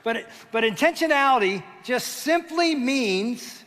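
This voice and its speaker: A man preaching a sermon as pastor, telling stories with lively acted-out voices. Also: very high voice, unhurried. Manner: animated storytelling, acting out voices. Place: church. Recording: reverberant church hall.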